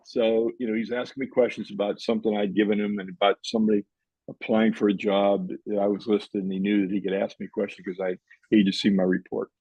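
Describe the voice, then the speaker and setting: A man's voice: lowish voice, flat delivery, fast, mellow, breathy edge, dry recording, highs cut off. An older man, a professor guest on a podcast, telling a long story and acting out the dialogue in it.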